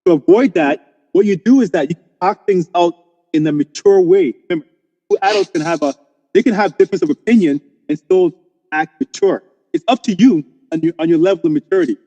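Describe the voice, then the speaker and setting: High-voiced, fast-talking man on a podcast. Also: mellow, big-room sound, lo-fi sound. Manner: emphatic, opinionated, talks in bursts. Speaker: podcast co-host. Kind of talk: casual podcast discussion.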